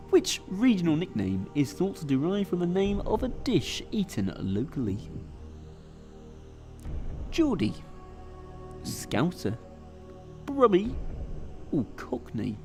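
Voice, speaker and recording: A man's voice: a little high, very animated, slow pace, long pauses, darkish tone, faint music behind. A man hosting and playing along on a live quiz stream, chatty and rambling with lots of fillers. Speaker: quiz game host and player. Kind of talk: live-streamed quiz play-through commentary.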